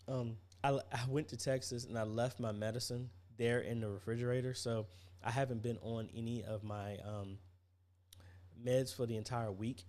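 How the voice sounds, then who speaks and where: A man's voice: mid-range voice, darkish tone. Tired, chatty male livestream host. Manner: chatty, greets viewers by name, many fillers. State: tired, yawning. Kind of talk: casual livestream chat.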